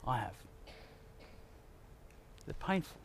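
A man's voice: takes it slowly, a little hiss or hum. A man preaching a sermon in an earnest manner, asking his listeners searching questions. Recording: long hall reverb.

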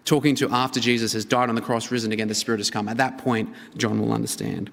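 A man preaching a sermon as a pastor, in an earnest, expressive manner that swings between emphatic and hushed. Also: mid-range voice, fast, vocal fry, few pauses. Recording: reverberant hall.

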